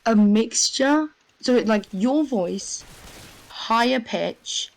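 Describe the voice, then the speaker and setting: A young woman telling a rambling, excitable story in casual voice chat, full of fillers. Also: fairly high pitch, slow pace, gravelly, low-quality recording. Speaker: gamer.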